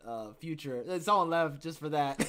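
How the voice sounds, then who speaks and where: A man's voice: a little high, a bit bright. Winded man hosting a rambling livestream. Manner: rambling, self-talking, laughs at himself. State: out of breath. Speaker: podcast host. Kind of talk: casual livestream chat.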